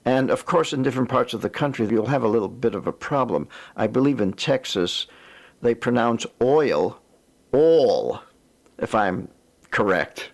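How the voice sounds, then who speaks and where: A man's voice: medium pitch, moderate pace, gravelly. A man with a Boston accent explaining a phonics lesson in a chatty, lightly joking way. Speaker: reading teacher.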